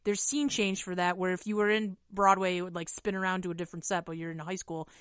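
A woman co-hosting a podcast about musical theater, telling stories in a chatty, animated way full of fillers. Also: fairly low pitch, fast. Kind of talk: casual chat.

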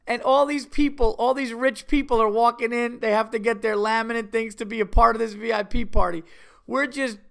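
A New York podcast host tells a story casually, animatedly performing the voices of the people in it. His voice is very high-pitched and smooth with some vocal fry, and he talks a little fast.

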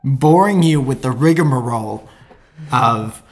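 A man's voice: medium pitch, animated, unhurried, soft background music. A man co-hosting a casual podcast, playful and teasing, who reads a friend's texts aloud in a raised voice. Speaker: podcast co-host. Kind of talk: casual chat.

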